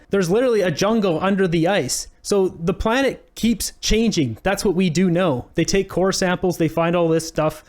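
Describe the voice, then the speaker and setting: High-voiced man hosting a commentary vlog. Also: darkish tone. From Canada. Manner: mocking, chuckling, conversational. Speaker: commentary channel host. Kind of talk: casual political commentary vlog.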